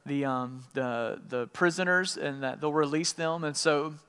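Preacher in a long-echo hall. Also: male voice, a little high, unhurried, smooth. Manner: retells scripture in casual paraphrase, with lively voiced quotes. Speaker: pastor. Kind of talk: sermon.

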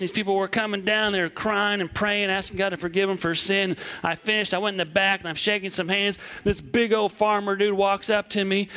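Bright, high-voiced preacher. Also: male voice, clear, resonant tone. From southwest Wisconsin. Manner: animated, acts out quoted voices. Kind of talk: sermon.

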